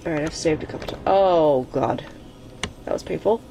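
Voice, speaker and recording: A woman's voice: low-pitched, a little fast, noisy background. A woman hosting her own gaming channel, giving let's play commentary while she plays, exasperated and swearing at the game, often chanting the same urging words over and over. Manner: chants repeated urging phrases.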